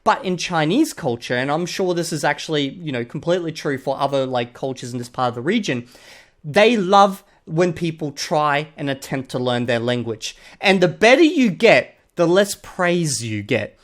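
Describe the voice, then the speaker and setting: Blunt, sarcastic Australian man with a lively voice. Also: fairly high pitch, moderate pace. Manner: blunt, sarcastic, swears casually. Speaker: channel host reviewing a video. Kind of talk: casual commentary.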